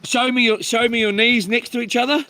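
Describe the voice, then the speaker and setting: A pompous male doctor, bossy and easily fussed, his pitch climbing high and indignant, as a New man mimics him in a story. He barks orders. The tone is sharper and higher than an everyday man's voice. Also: steady tone, brisk, pushed and bright, a little hiss or hum, poor audio.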